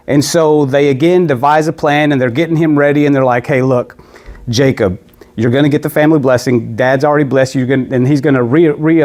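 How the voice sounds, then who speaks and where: A man's voice: on the high side, darkish tone. A male preacher tells a scripture story in a loose, conversational way. He slips into the characters' lines as he goes, then reads the passage aloud. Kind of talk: casual sermon retelling scripture.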